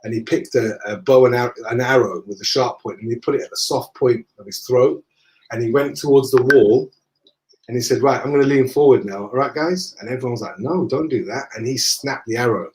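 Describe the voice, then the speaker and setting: A man with a Northern English accent, a guest in a conversation, telling lively anecdotes and acting out the dialogue. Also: mid-range voice, brisk. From northern England. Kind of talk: casual storytelling in conversation.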